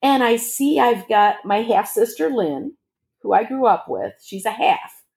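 A middle-aged woman telling her own story as a guest, animated and acting out the dialogue with big leaps in pitch. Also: unhurried, gravelly. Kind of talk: personal storytelling.

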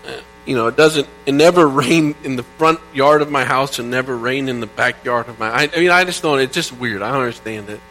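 A middle-aged man from Indiana preaching a sermon, reading psalms aloud in an earnest way that swings between quiet and loud. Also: medium pitch, brisk, hardly any pauses. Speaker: pastor. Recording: faint mains hum. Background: faint mains hum.

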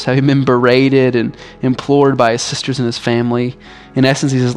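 A male pastor delivering a sermon in a relaxed, conversational way, often dropping in "like" as he speaks. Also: medium pitch, vocal fry. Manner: casual, conversational preaching with frequent "like".

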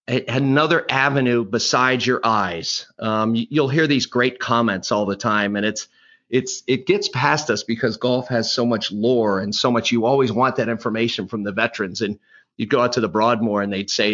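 A man's voice: mid-range voice, fairly bright tone, dull audio. A middle-aged man, a golf instructor, telling rambling anecdotes in a podcast conversation, often restarting and acting out quotes. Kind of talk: conversational storytelling interview.

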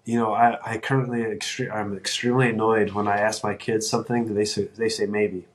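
A man's voice: lowish voice, level tone, fairly quick. A middle-aged man hosting a solo podcast, talking earnestly and encouragingly, often restarting his sentences. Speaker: podcast host.

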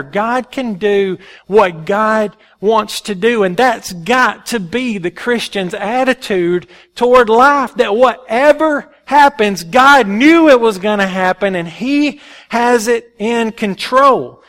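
A male pastor preaching a sermon in an animated, folksy storytelling way. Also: high voice, slow.

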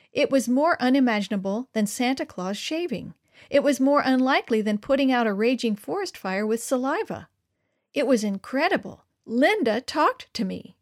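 A woman narrating a first-person children's story with an expressive, wry delivery. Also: fairly high pitch.

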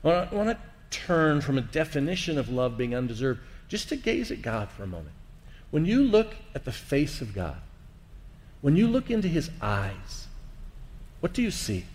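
A man's voice: on the high side, big pitch swings, moderate pace, darkish tone. A man teaching about faith in a reflective way, asking the listener questions. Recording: long reverb.

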